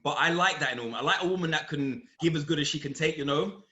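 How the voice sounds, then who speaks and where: Young man, high bright voice, crude teasing banter, roomy echo. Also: racing, muffled recording. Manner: crude, teasing, laughs often. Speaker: guest playing a chat game. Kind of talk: joking casual banter.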